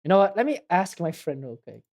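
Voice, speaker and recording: A woman's voice: on the low side, big pitch swings, quick pace, darkish tone. A woman streaming a game, chatting casually with lots of giggles and self-deprecating asides.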